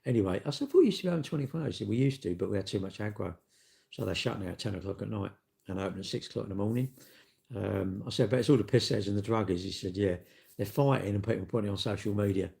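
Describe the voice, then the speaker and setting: Gravelly blunt man in his sixties. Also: lowish voice, fast, darkish tone. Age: 60s. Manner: blunt, sweary, storytelling with acted-out quotes. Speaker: live streamer. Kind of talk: casual ranting monologue.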